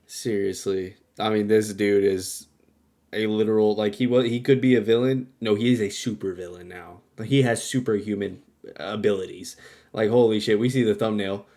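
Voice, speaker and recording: A young man co-hosting a podcast, talking in a lively way, swearing freely and breaking into loud outbursts. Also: fairly low pitch, normal speed. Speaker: podcast co-host. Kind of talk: casual chat.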